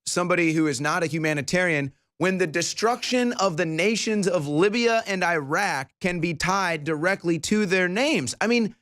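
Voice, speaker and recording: A man's voice: sits high, normal speed, hardly any pauses, fairly bright tone. A man hosting a political talk show, sounding incredulous and emphatic.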